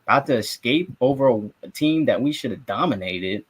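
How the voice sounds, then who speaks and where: A young man from South Florida tells a sports story in a loose, animated podcast chat. His pitch sits in an ordinary middle range for a man. He acts out his own reactions and swears freely along the way. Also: a little fast, husky. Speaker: sports podcast co-host and reporter. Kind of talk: casual sports talk.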